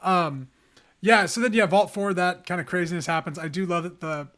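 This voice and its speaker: A man co-hosting a gaming podcast in casual chat, animated and full of filler words. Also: sits high, moderate pace. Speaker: podcast co-host.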